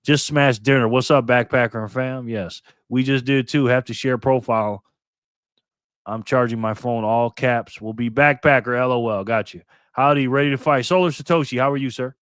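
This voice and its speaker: An older man hosting a casual live stream, loudly greeting viewers by name and muttering to himself while he fiddles with his phone. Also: mid-range voice, fairly even intonation, moderate pace, dry recording, studio quality. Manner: loud upbeat shout-outs, drops to mutters while fiddling with phone.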